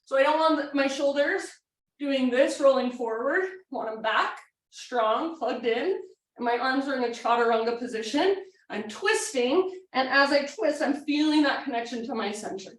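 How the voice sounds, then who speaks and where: A woman's voice: sits high, normal speed. A woman teaching a yoga class, giving casual, encouraging cues while she demonstrates poses, a little out of breath. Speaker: yoga instructor. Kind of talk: guided yoga class instruction. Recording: echoey room, mic at a distance.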